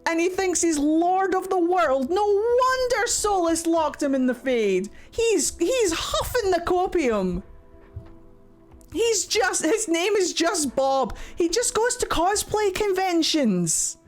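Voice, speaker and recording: A young woman giving casual reaction commentary, mocking and excitable, who swings between shrieks and low grumbles and swears a lot. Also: slow, faint music behind. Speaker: streamer reacting to a game.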